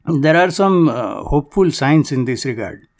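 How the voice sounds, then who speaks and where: A man with a slightly higher-than-usual voice reads a scripted political commentary. He is formal and measured, with a dry wryness that runs through his careful phrasing. He comes from Canada. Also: expressive. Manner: formal, measured, dryly wry.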